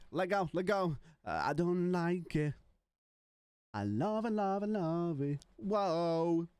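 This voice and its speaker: A man's voice: a little high, a little mellow, smooth, dry recording. A young man streaming live, chatting casually and joking with his viewers. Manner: playful, joking banter with chat.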